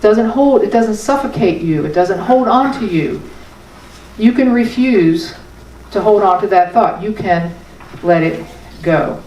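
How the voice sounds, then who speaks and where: A woman with a medium-pitched, dark-toned voice gives an expressive, unhurried sermon as a spiritual teacher, conversational but emphatic, with small laughs. She's in a spiritual center hall, recorded from a distance in a roomy space with slight background noise.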